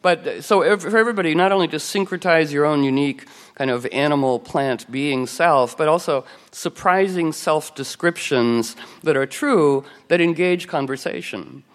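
A woman's voice: low voice, moderate pace, hardly any pauses. Playful, chatty woman storyteller with a meandering delivery, recorded with long reverb. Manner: rambling, playful, full of "you know" and restarts. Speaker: radio show host, telling anecdotes as a guest. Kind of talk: casual storytelling chat.

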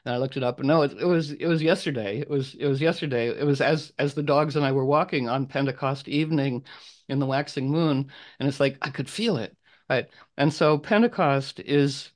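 A man's voice: medium pitch, moderate pace. A man hosting an online group call, talking casually in a rambling, playful way and acting out little voices in his stories. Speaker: group host.

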